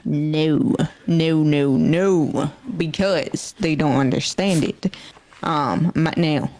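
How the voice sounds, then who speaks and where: A woman guest streamer in a casual interview, answering haltingly and hedging before her point. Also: sits low, darkish tone.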